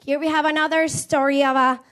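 A woman preaching a sermon, telling stories with lively acted-out quotes and laughing between points. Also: sits high, brisk. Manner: animated storytelling with acted-out quotes.

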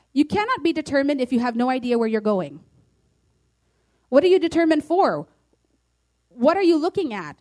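A woman's voice: high-pitched, sing-song, normal speed, long pauses, darkish tone. A woman pastor preaching a sermon, emphatic and declaring, reading scripture aloud.

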